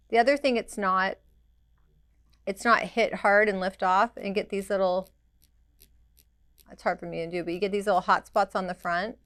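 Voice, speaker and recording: Female instructor, mid pitch, resonant and clean, practical demo delivery. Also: a bit bright, clean tone, no echo, clean studio sound. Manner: practical, direct, makes sound effects to show rhythm. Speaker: permanent makeup trainer. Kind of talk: hands-on demonstration.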